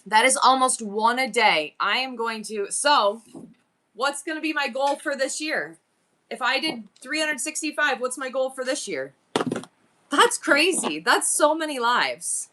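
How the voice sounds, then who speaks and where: A woman live-streaming to her viewers, chatting casually and excitedly as she thinks aloud through her numbers and goals. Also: high voice, unhurried, slight background noise.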